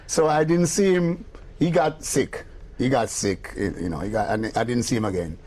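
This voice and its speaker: An older Jamaican-accented man, a music producer, tells stories at a moderate pace in a medium-pitched voice during a casual interview. He's an animated storyteller who slips into patois and acts out the people he quotes.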